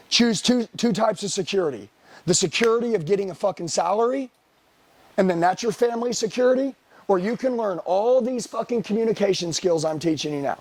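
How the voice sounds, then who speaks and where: Brash male sales coach, high-pitched, dry close sound, blunt and profane. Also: darkish tone, no room sound. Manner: blunt, swearing, hammering questions at the room. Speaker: sales trainer. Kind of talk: profane motivational sales talk.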